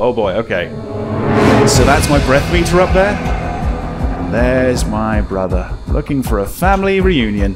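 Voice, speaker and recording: Man, gameplay commentary, lively pitch, nervous laughs, talks to himself, faint music behind. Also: unhurried. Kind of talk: let's play commentary. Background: game music.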